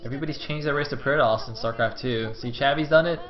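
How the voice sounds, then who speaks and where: A man's voice: mid-range voice, fast. Chatty young man casting a game. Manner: chatty, rambling asides with fillers. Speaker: game caster. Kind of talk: solo esports commentary on stream. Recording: slightly dull lo-fi stream audio with faint music.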